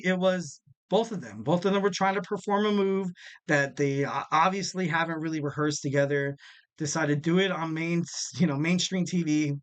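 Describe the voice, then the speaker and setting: Male podcast host, slightly high voice, loose rambling chat, acts out quotes. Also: fairly bright tone. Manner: rambling, full of fillers and restarts.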